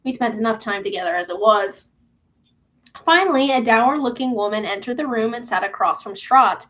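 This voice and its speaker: A woman reading a novel aloud for her channel, relaxed and chatty in her asides. Her voice sits a touch high for a woman and flows at an easy reading pace. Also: moderate pace. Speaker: booktube reader.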